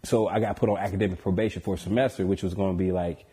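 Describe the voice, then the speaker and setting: A man's voice: deep voice, steady tone, racing, dark tone. A man from the United States, a podcast guest telling stories in a casual, joking way and laughing often. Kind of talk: casual storytelling interview.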